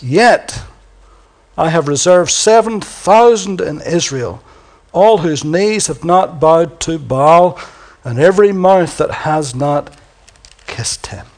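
Preacher swinging from booming to whispered. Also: male voice, lively intonation, slow. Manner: swings from booming declarations to hushed near-whispers; reads scripture aloud dramatically. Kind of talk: sermon.

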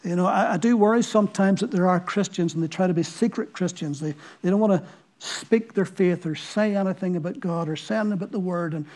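This Northern Irish preacher speaks quickly in a high, slightly mellow voice. He weaves stories into his sermon and asks listeners earnest rhetorical questions.

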